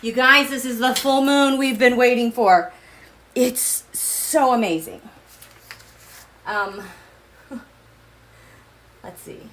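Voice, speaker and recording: A middle-aged woman hosting a tarot and astrology livestream, chatty and excitable, a little out of breath, with stumbling restarts. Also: fairly high pitch, takes it slowly, long pauses, slight background noise. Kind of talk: casual livestream chat.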